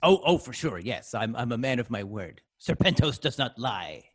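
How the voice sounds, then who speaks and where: A man's voice: mid-range voice, very animated, moderate pace, fairly bright tone. A man playing a tabletop game, hesitant and laughing, stumbling over his words. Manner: hesitant, laughing, full of restarts. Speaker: player. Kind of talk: tabletop role-play.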